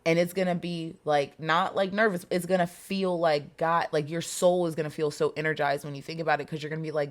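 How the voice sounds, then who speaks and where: A woman's voice: low voice, fairly even intonation, a little fast, few pauses. A woman reading tarot cards for her viewers in a casual, chatty way. She talks emphatically, repeats herself, and swears freely. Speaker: tarot reader.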